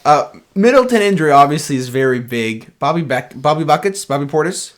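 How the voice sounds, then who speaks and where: A man's voice: fairly high pitch, expressive, fairly quick. A man co-hosting a casual sports podcast, giving blunt, opinionated basketball analysis. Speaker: podcast co-host.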